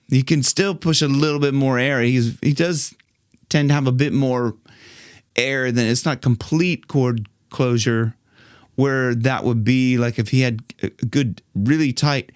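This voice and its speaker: An American man from Ohio teaching singing, joking around and singing phrases in a high belt to demonstrate. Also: a little slow, smooth, dry recording, studio quality. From Ohio, United States. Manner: playful, jokey, demonstrates lines in a high belt. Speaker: vocal coach. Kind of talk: singing tutorial.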